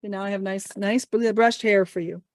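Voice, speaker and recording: A woman's voice: medium pitch, fairly even intonation, moderate pace, no room sound, clean studio sound. A woman teaching English over a video call, playfully leading a guessing game. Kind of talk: online teaching session. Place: home office.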